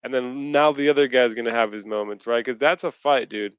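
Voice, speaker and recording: A frustrated man rants on a video call, swearing freely as he vents. His voice is smooth and clear at a middling pitch. The stream audio is dry and slightly dull. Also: brisk, no echo. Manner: profane, ranting, frustrated. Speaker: podcast co-host. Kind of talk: casual post-fight chat.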